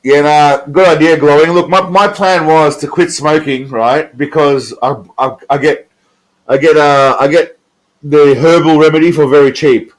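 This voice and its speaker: A man's voice: fairly high pitch, fairly even intonation, moderate pace, rough recording. Crude, chatty Australian man streaming. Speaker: streamer reacting to viewer comments. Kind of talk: casual live-stream chat.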